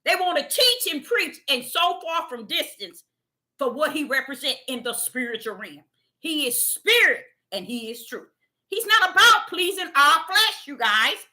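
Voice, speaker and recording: Fervent high-voiced woman preaching. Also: very animated, measured pace, pushed and bright. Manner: fervent, exhorting, retells visions in dialogue. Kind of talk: spontaneous sermon.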